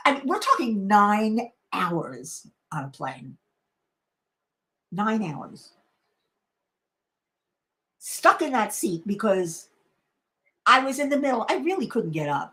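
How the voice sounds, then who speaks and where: Casting: middle-aged woman, livestream host, unhurried, lively up-and-down pitch, rambling chat. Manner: chatty and rambling, many fillers and restarts, laughs often. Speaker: crafting channel host. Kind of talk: casual live-stream chat.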